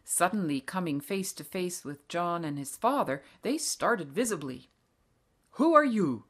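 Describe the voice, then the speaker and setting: A woman reading a novel aloud as an audiobook narrator in a calm, measured way. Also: lowish voice. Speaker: audiobook reader. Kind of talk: scripted narration.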